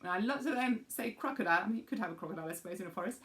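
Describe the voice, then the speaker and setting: A woman's voice: medium pitch, animated, rapid-fire. A woman music teacher patiently explaining a rhythm game for young children and demonstrating the beats aloud.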